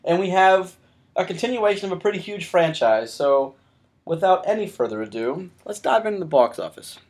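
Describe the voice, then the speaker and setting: Male podcast host, slightly high voice, rambling storyteller who restarts sentences a lot, casual chat. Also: big pitch swings, normal speed, darkish tone.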